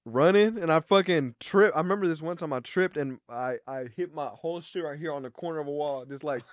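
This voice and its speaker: A young man co-hosting a podcast, telling a story in a casual, animated way, full of swearing, laughing and acting out both sides of a phone call. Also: fairly high pitch, fairly quick. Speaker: podcast co-host.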